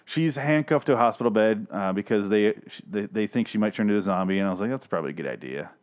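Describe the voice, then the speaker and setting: A man's voice: lowish voice, steady tone, fast talker. Exasperated, profane man ranting. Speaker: podcast host reviewing a TV episode. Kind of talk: casual ranting recap.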